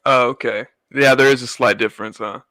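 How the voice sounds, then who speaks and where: A man's voice: medium pitch, fairly even intonation, a little fast, bright, forceful tone, no echo, rough recording. A young adult man, a guest musician, chatting loosely and rambling about his own music. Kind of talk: casual interview chat.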